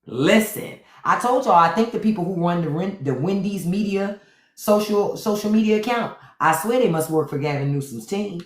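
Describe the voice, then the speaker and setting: Hosting a phone livestream indoors, a woman delivers sassy, playful comedy commentary, repeating lines for effect. Her mid-range voice is expressive and her pace normal. The room gives a roomy echo.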